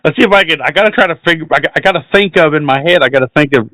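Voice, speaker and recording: A man's voice: a little high, rapid-fire, a bit bright, dry recording, low-quality recording. A man co-hosting a podcast, chatting casually, giggling and mocking himself as he fumbles accents, with some swearing. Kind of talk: casual chat.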